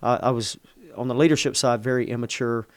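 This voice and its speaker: In a dry recording, a middle-aged pastor with a steady, medium-pitched voice talks fairly quickly and smoothly. He relates a personal story in conversation with earnest emotion, often cutting himself off to start a sentence over.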